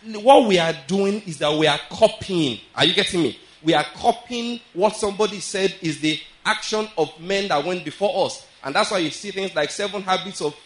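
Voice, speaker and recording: Man, pastor, sermon, earnest, repeats himself, slightly high voice. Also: moderate pace, hardly any pauses, rough recording. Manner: earnest, repeats himself, checks listeners often with questions.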